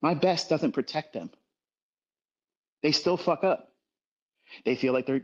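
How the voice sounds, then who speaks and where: A middle-aged man delivers a blunt, profanity-heavy livestream rant, hammering his points home with repetition. His voice sits a little high for a man. The sound is dull and lo-fi, like a streamed recording. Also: normal speed, long pauses, a little mellow. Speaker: trading educator on a livestream.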